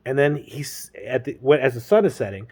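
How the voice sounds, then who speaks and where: A man's voice: mid-range voice, expressive, brisk, mellow, slightly rough. A man with a mid-range voice retells a novel in loose, everyday speech. He rambles, leans on slang and keeps stopping on little fillers. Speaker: storyteller. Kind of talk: casual book recap.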